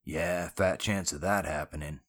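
Man doing a gravelly, blunt tough-guy crook. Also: low voice, steady tone, measured pace. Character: tough gruff male criminal, blunt and sardonic.

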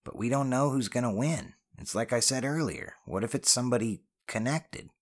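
A man's voice: medium pitch, moderate pace, voice pushed up, close to an everyday voice. A man voicing LaRue, a jittery joking crook. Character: wisecracking young male criminal sidekick.

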